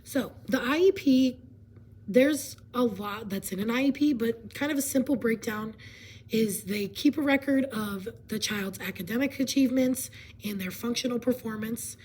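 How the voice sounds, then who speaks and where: Hoarse woman with laryngitis, half-whispering. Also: fairly high pitch, moderate pace, a little mellow, low-quality recording. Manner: casual explaining with fillers and throat clearing. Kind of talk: explanatory presentation.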